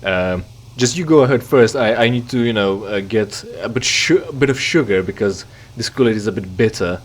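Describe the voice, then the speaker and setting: Playing a game, this man rambles sarcastically and reads the game's dialogue out loud in casual let's play commentary. His voice is lowish and slightly rough, at a moderate pace.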